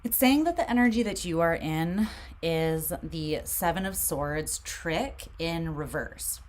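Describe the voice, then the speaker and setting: A woman with a low, soft voice gives a casual tarot reading. She talks in a meandering, reflective way. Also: lively intonation, takes it slowly. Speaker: tarot reader.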